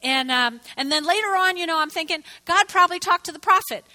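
A woman pastor preaching a lively, playful sermon to her congregation, acting out the Bible figures in quotes. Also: sits high, brisk, hardly any pauses, poor audio.

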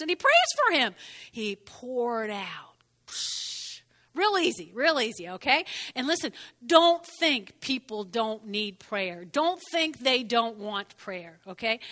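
An older woman preaching a sermon in an animated way, often checking in with "okay?" and "all right?". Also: fairly high pitch, moderate pace. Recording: reverberant hall.

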